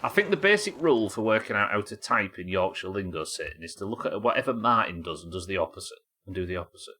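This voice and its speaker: A man's voice: deep voice, animated, quick pace, bright, forceful tone. A man chatting and joking with viewers while playing a game on a live stream, swearing casually as he goes. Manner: chatty, jokey, swears casually, teases chat.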